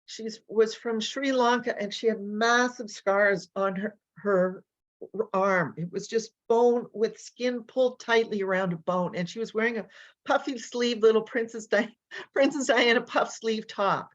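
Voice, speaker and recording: Animated woman coach on a lo-fi call. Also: on the high side, unhurried. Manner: animated, energetic storyteller who acts out voices. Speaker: language coach and educator. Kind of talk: casual interview talk, telling stories.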